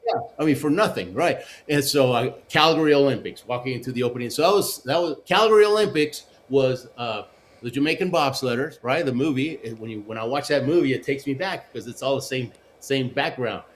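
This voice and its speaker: Animated man telling a story. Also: mid-range voice, fairly quick, a little hiss or hum. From Argentina and the United States. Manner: animated storyteller, many restarts and "right?" tags. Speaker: guest, former Olympic luge athlete. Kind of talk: casual storytelling interview.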